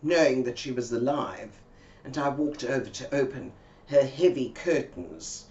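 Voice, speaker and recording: Hushed, slow woman storyteller. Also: a bass voice, expressive, muffled recording. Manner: slow and hushed, with dramatic pauses. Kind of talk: told anecdote.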